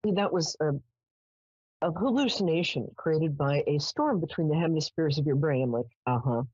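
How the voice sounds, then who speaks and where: A woman's voice: deep voice, lively intonation, normal speed, darkish tone, husky, no room sound. Female psychic show host; dry, dull lo-fi sound, chatty and affectionate. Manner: chatty storyteller, affectionate with callers. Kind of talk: live call-in psychic show.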